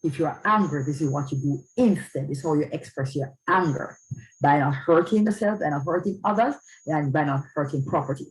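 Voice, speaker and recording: A woman's voice: sits low, fairly quick, rough recording. Female speaker at a church event, earnest, keeps asking "all right?" to check in with listeners. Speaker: speaker on parenting. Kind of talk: church talk.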